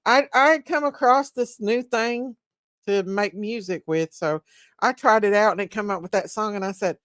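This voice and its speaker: A woman's voice: mid-range voice, moderate pace, fairly bright tone, no echo, studio quality. A woman hosting a casual livestream, chatting, laughing and greeting viewers by name. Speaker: livestream host.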